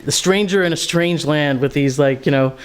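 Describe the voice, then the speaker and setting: A middle-aged woman speaking casually at a memorial, halting with fillers and frequent laughter. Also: deep voice.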